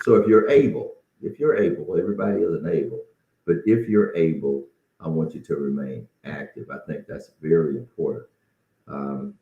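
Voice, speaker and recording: A man's voice: a bass voice, a little mellow. A middle-aged man hosting a casual solo podcast, folksy and encouraging, slightly out of breath. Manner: folksy and encouraging, with frequent restarts. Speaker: podcast host. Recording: roomy, dull lo-fi sound.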